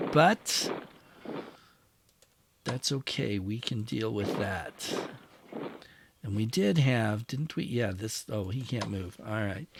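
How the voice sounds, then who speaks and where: Male host, unhurried game commentary, mid-pitched voice, addresses his units while thinking aloud. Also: slight background noise. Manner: musing, talks to his units as he moves them. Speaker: wargame channel host. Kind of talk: casual strategy game play-through commentary.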